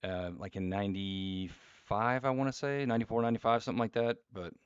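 A middle-aged man with a low voice hosts a podcast in an easygoing, agreeable way, sharing his own service memories. His sound is dull and lo-fi, and the recording is dry and close. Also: clean tone, no echo. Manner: easygoing, agreeable, quick to laugh along. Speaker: podcast host, military veteran. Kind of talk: casual conversational interview.

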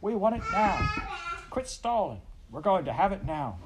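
A man voicing an angry crowd of male workers who shout their demands in a storybook reading. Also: high-pitched, very animated, moderate pace, heavy background noise, pitched above the performer's own voice.

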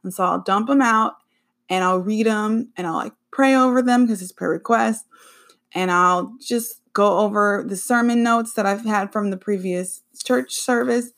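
A woman with a medium-pitched voice and vocal fry hosts her own podcast solo. She chats casually and rambles, often correcting herself.

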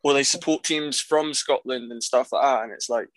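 A man chatting casually as a podcast co-host, relaxed, laughing and swearing. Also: medium pitch, normal speed. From England. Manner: laid-back, laughs easily, swears. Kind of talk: casual chat.

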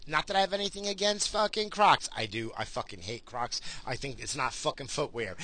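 A man in a profane, angry vlog rant, swearing constantly and bursting into loud outbursts. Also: no room sound. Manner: mocking, drifting into sudden high voices. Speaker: vlogger.

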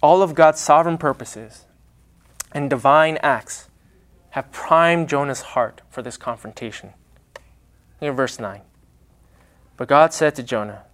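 A man preaching a sermon, with a dramatic, emphatic delivery and pauses. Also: medium pitch, fairly bright tone.

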